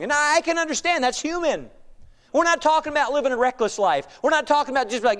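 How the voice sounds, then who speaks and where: A middle-aged man preaching from the pulpit in a notably high voice. He swings between loud, emphatic declarations and quieter, intense passages. His delivery is animated and conversational. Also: racing, clean tone. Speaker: pastor. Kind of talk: sermon.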